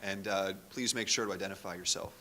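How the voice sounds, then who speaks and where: A man moderates a panel, pitched a little low, with a bright tone. He stammers slightly as he frames his questions. Faint room noise sits behind him. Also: steady tone, fast talker. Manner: stammering, inviting. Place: conference room.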